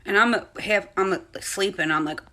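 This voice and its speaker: A woman, a mother, telling a spooky story about her young daughter in a chatty, animated way. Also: medium pitch, fairly quick. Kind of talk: casual storytime.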